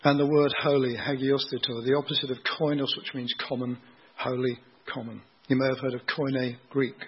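Guy preaching, very husky breathy voice, patient teacher tone, kinda dull lo-fi sound. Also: medium pitch. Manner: explanatory, unhurried teaching with rhetorical questions. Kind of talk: sermon teaching on scripture.

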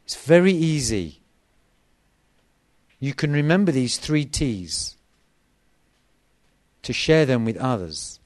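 A man's voice: medium pitch, expressive, slow pace, long pauses. A middle-aged man preaching a sermon to a gathering, with an emphatic delivery full of repetition.

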